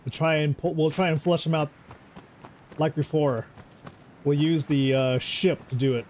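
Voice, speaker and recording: A man's voice: a little high, steady tone, measured pace, a little mellow, slight background noise. A man streaming a game, talking casually and rambling, often correcting himself mid-sentence. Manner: rambling, self-correcting, easygoing. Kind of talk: casual gameplay commentary. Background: game music.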